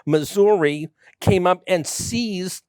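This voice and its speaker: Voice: medium pitch, slow pace, a little mellow, no room sound. The host of a studio interview show, asking questions in a conversational, loosely phrased way. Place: local TV studio.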